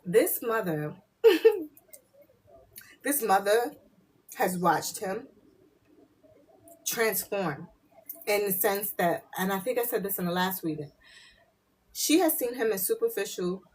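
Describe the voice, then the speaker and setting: A woman's voice: medium pitch, unhurried, pauses often, slightly rough. A woman hosting a casual live spiritual reading, chatty and loose, laughing and swearing freely, and often slipping into muttered asides to her viewers.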